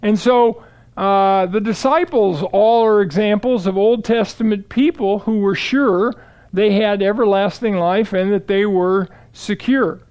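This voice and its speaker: A man giving a steady, explanatory Bible teaching, walking through verses and quoting scripture aloud. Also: high voice, a little slow, clean tone, dull audio.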